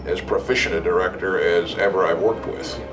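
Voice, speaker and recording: An older man interviewed about his film work, recalling it in a plain, deliberate way. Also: sits low, level tone. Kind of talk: interview recollection.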